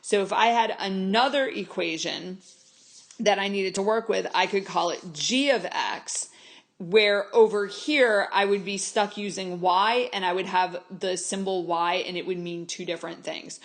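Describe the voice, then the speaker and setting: A woman's voice: mid-range voice, a little slow. A woman math teacher giving a recorded lesson, explaining each step to her students and repeating key points firmly. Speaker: high school math teacher.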